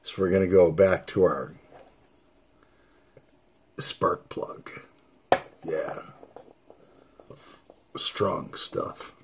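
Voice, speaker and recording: An older man vlogging while smoking his pipe, talking in an unhurried, musing way with pauses between thoughts. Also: sits low, steady tone, a little hiss or hum. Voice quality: gravelly, raspy. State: hiccups from nicotine. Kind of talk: slow casual monologue while smoking.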